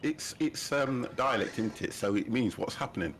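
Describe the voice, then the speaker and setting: A man's voice: medium pitch, animated, normal speed, slight background noise. A man in his fifties hosting a livestream, chatting casually and laughing often as he sets up a flight game. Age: 50s. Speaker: livestream host. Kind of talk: casual chat while gaming.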